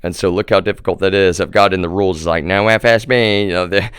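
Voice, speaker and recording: A man's voice: deep voice, steady tone, fast talker, fairly bright tone, clean tone, dry recording, clean studio sound. A man livestreaming an angry, profane monologue and calling his viewers "y'all". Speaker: livestream host. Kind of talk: live stream monologue.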